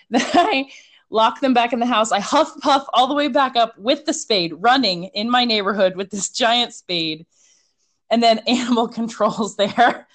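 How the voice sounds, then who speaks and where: A woman telling a story in a casual chat, animated and chatty, with many fillers. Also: fairly high pitch, measured pace.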